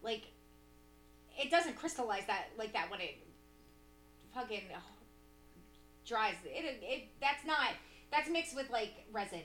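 A woman's voice: on the high side, sing-song, slow pace, long pauses, a bit bright, reverberant, faint music behind. A woman co-hosting a casual comedic chat, profane and full of dry wisecracks. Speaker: podcast co-host.

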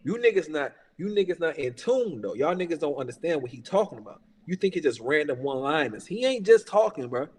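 A man with a fairly high voice rants in a casual podcast chat, heated, profane and emphatic. He keeps repeating himself and throwing in "bruh". A long reverb trails behind his voice. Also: big pitch swings, brisk, few pauses, darkish tone, slightly rough. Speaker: podcast talker.

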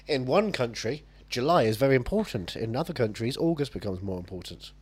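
Silly, lively man. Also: mid-range voice, fairly quick, slightly rough. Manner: silly, rambling, swears and jokes often, drops into voices. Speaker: film podcast co-host. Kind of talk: casual chat.

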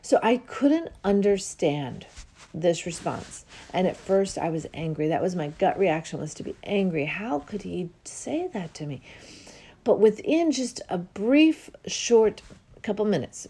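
A woman hosting a spiritual self-help show, talking earnestly and reflectively with drawn-out pauses. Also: medium pitch, expressive, warm tone. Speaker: host and life coach.

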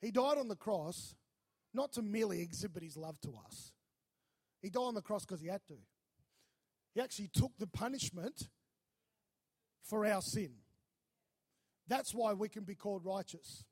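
High-voiced pastor telling a story. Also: male voice, normal speed, long pauses, slightly rough. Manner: animated, acts out voices in his stories. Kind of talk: sermon storytelling.

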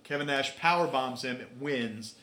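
A man hosting a podcast in a casual chat, telling stories in an animated way with lots of fillers like "uh" and "you know.". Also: mid-range voice, a little slow. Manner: animated storyteller with frequent fillers. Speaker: podcast host. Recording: roomy echoey sound.

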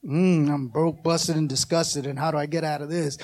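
A man preaching a sermon as pastor, with call-and-response and passages that climb into shouted, half-sung pleas. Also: fairly high pitch, fairly even intonation, moderate pace.

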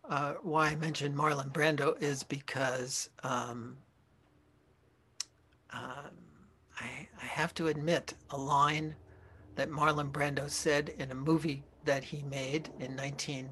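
A Zen teacher giving a dharma talk, speaking in a slow, reflective way with pauses and self-corrections. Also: male voice, on the high side, little pitch movement, bright, forceful tone, husky.

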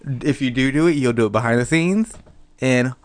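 A man hosting a podcast who talks in a quick, teasing, casual way. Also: mid-range voice, smooth. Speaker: podcast host. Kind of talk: casual chat.

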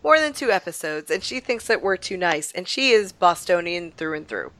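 A woman's voice: fairly low pitch, animated, normal speed, fairly bright tone, no room sound. A woman from Rhode Island, chatting casually as a podcast co-host and telling rambling stories.

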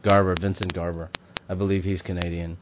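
Deep-voiced podcast host, lo-fi. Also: male voice, flat delivery, fairly quick. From Chicago. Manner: rambling, hesitant with many fillers. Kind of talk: casual chat. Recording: dull lo-fi podcast audio with clear noise.

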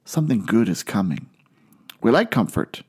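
A man preaching a sermon in an earnest way, slowing down and lifting his voice on key phrases. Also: on the low side, sing-song, a little mellow, slightly rough. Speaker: pastor.

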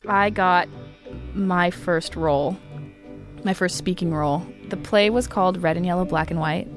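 A young woman, a radio producer, telling a personal story in a lively, wry conversational way. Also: lowish voice, normal speed. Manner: lively, wry, laughs easily. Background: background music score.

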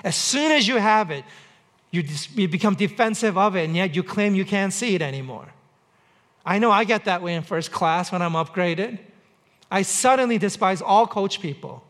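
High-voiced man preaching a sermon. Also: expressive, normal speed, a bit bright. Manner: conversational preaching with repetition and dry humor. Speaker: pastor. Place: church on Mercer Island.

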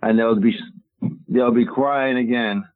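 A man's voice: medium pitch, steady tone, unhurried, no echo. Indignant male radio caller on a dry, tinny phone line. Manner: emphatic, indignant, rambling. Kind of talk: call-in radio talk.

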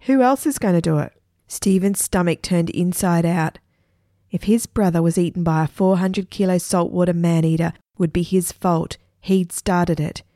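A woman storyteller reading a children's adventure story aloud with lively expression. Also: fairly low pitch, normal speed, no room sound, studio quality.

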